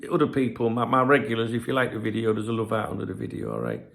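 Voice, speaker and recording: A man's voice: fairly low pitch, very animated, very fast, vocal fry, fairly bright tone. A tired man hosting a football channel, ranting bluntly with heavy swearing. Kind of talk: late-night ranting vlog.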